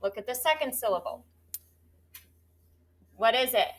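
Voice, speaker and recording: Woman teacher, bright clear voice, fairly high, classroom phonics drills, call-and-response questions. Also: expressive, a little slow. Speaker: third grade teacher.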